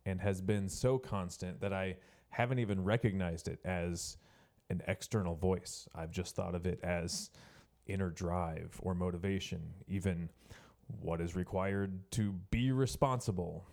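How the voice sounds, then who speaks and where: A man's voice: low voice, steady tone, measured pace, darkish tone. A man preaching a sermon to college students, reflective and hesitant, often restarting his sentences. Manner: hesitant, reflective, frequent self-corrections.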